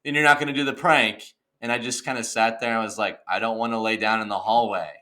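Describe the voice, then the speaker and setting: A young man co-hosting a podcast, telling a story in a casual, animated rant and saying "dude" and "okay" a lot. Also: fairly low pitch, fast talker. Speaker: podcast co-host. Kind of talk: casual chat.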